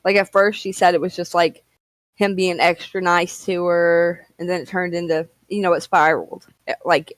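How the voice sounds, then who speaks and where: A woman's voice: fairly low pitch, fairly even intonation, normal speed, no room sound, rough recording. A woman co-hosting a casual chat show, easygoing and rambling with lots of fillers. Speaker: co-host.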